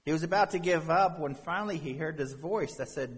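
A man's voice: a little high, a little fast, few pauses, husky, long reverb tail. A man preaching a sermon as pastor, reading scripture and speaking in an earnest, conversational way.

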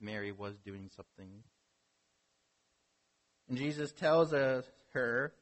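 A man's voice: medium pitch, takes it slowly, pauses often. A man preaching a sermon as a pastor, earnest, with rhetorical questions and building emphasis.

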